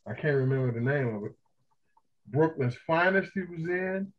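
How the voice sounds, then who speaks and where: A man co-hosting a podcast, talking casually and profanely with lively enthusiasm. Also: fairly high pitch, moderate pace, dull audio. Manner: animated, profane, enthusiastic film talk. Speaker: podcast co-host. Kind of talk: casual chat.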